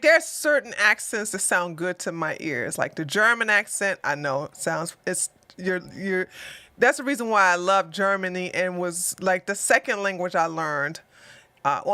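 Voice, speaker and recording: A woman hosts a casual livestream, rambling and chatty with frequent laughter. Her voice is bright and forward. The sound is dry and close with no room echo. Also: mid-range voice. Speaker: livestream news show host.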